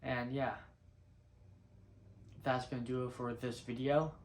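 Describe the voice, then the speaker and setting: A man's voice: medium pitch, little pitch movement, slow, slight background noise. A young man talking casually in a fan vlog, rambling and earnest, often restarting his sentences. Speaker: vlogger.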